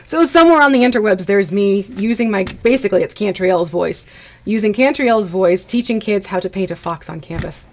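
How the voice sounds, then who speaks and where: A woman chatting casually on a live stream while she paints miniatures. She laughs often and greets her viewers brightly by name. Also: medium pitch, lively intonation, fairly quick.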